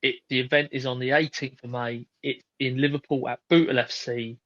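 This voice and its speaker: A man's voice: mid-range voice, steady tone, fairly quick, fairly bright tone, no echo. A laid-back man chatting as a podcast host, swearing freely and wandering through his sentences. His voice sits in a middle register, recorded dry and a little dull. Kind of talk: casual chat.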